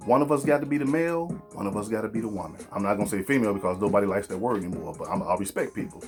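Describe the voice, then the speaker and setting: Blunt preaching podcast host, faint music. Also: male voice, lowish voice. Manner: blunt, preachy, talks straight to the audience. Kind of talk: opinionated podcast monologue.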